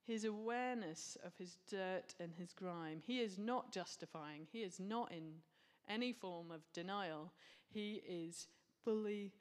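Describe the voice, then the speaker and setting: A woman's voice: medium pitch, measured pace, few pauses. A woman preaching a sermon, earnest and reflective, with casual asides.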